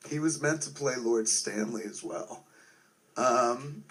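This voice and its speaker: A man in his forties talks loosely and from the heart, peppering nearly every sentence with profanity. His voice sits at an ordinary middle pitch, and he rambles through fillers as he goes. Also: slow, a bit bright, slight background noise. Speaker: filmmaker remembering a friend. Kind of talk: casual spoken tribute.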